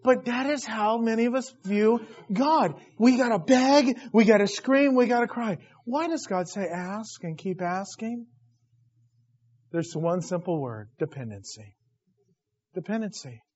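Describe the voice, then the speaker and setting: A man preaching a sermon, telling stories with lively acted-out voices. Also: sits high, unhurried. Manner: animated storytelling, acts out voices. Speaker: pastor. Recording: dull lo-fi recording.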